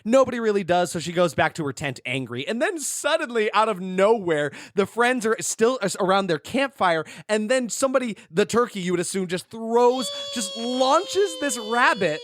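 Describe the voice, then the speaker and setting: A man with a fairly high, very lively voice co-hosts a podcast, recapping a movie in easy casual chat. He tells it like an animated storyteller, jumping into the characters' lines, and the sound is close and dry. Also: normal speed, few pauses, dry recording. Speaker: podcast co-host.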